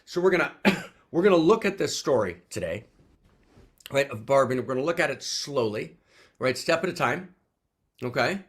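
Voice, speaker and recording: Male teacher-host, lively swinging pitch, rallies the room with repeated questions, average pitch. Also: normal speed, pauses often. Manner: rallying, repeats questions, swings from loud to soft. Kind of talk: teaching talk to an online group.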